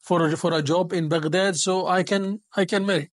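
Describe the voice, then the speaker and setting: A man's voice: sits high, steady tone, normal speed, no room sound, studio quality, pitched above the performer's own voice, natural voice. A man voicing a pious, earnest young male traveler who pleads eagerly in a storybook tale. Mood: startled. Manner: pleading, eager, breaks into Arabic blessings.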